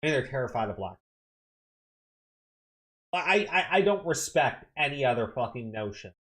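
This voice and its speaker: A man's voice: mid-range voice, big pitch swings, moderate pace, fairly bright tone. A man hosting a political commentary show, reacting to clips and news with angry, profanity-laced rants.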